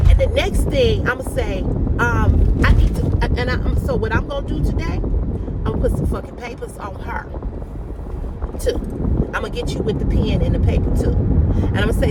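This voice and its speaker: A woman's voice: on the high side, moderate pace. An adult woman vents angrily to her viewers while driving, repeating herself and swearing. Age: adult with a mortgage and a child. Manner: angry, repetitive venting, swearing. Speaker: vlogger. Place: in a car. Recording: distant phone mic in a car with loud road noise.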